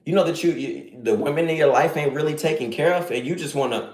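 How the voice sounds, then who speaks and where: A man's voice: on the high side, fast, few pauses, a little mellow, roomy sound. A man live streaming, giving a casual, slangy lecture in a preachy and emphatic way.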